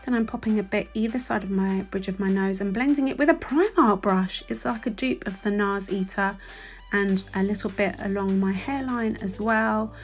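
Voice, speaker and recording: A woman in her forties from London with a London accent narrates a beauty tutorial. She sounds chatty and self-deprecating and gushes over her favourites, at a middling pitch for a woman. Soft music plays faintly beneath the voice-over. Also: normal speed. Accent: London English. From England. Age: 40s. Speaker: beauty vlogger.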